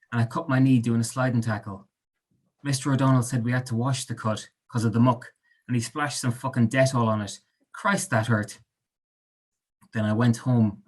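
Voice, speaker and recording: Calm man reading his own fiction. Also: medium pitch. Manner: calm, thoughtful, halting with fillers when chatting. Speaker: author.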